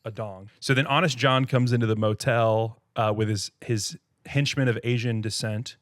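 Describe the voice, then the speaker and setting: A man's voice: medium pitch, fairly even intonation, normal speed, no echo, studio quality. A man co-hosting a podcast, retelling a bad movie in casual, jokey chat with lots of laughter. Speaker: podcast co-host.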